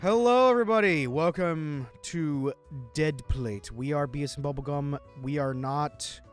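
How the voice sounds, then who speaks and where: A man's voice: fairly high pitch, a little slow. A man with a slightly raised voice co-hosting a casual game playthrough. He jokes, curses freely and loses his train of thought mid-sentence. Faint music sits behind him. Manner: swearing, joking, trailing off mid-sentence. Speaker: gaming channel co-host. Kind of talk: casual let's play chat.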